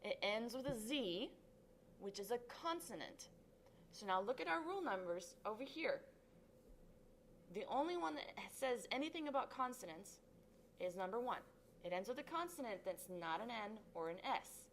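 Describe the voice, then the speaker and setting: A woman's voice: a little high, expressive, normal speed. An upbeat woman tutor talks a class through a lesson step by step. She stretches out syllables dramatically to show where the stress falls. A faint background noise sits under her voice. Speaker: Spanish tutor.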